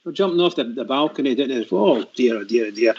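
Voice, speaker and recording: An older Scottish man on a radio panel, reminiscing in a halting way with many restarts. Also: mid-range voice, animated, darkish tone, breathy edge. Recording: dull lo-fi radio sound.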